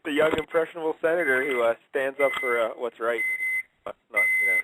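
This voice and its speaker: A man's voice: medium pitch, heavy background noise. A man hosting a casual radio chat show who teases his co-hosts and keeps laughing. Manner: quick, giggly, teasing.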